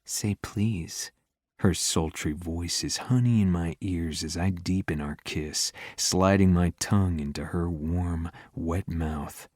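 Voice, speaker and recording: Male romance audiobook narrator, very low voice, intimate first-person read, dry booth. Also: unhurried, hardly any pauses, a little mellow, no echo.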